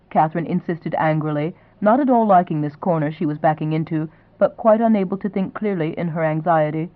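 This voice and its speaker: A narrator giving a measured, even scripted reading of a romance novel. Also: mid-range voice, dry recording. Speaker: audiobook narrator. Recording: dry, thin phone-like sound.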